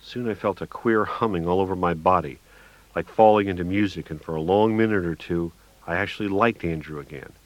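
Audiobook narrator, man, very low voice, wry and gritty, dry dull recording. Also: brisk, dry recording.

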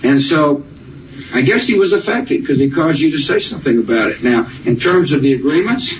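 A man in high office answering a reporter's question at a press conference in a folksy, halting, plain-spoken way. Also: expressive, highs cut off, slight background noise. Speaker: head of state at a press conference. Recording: roomy archive audio from a distance.

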